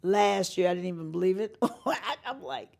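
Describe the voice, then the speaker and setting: Gravelly woman telling stories. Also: medium pitch, moderate pace. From North Carolina. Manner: animated storyteller who acts out the voices of people she quotes, laughing often. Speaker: singer-songwriter guest. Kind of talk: storytelling interview.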